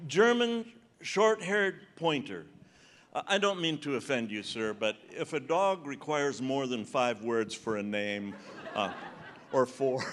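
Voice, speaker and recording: A man's voice: mid-range voice, a little slow, fairly bright tone, a little hiss or hum. A man in his seventies performing stand-up comedy on a conference stage, bantering and teasing the audience. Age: 70s. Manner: conversational, teasing audience members. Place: large conference hall stage.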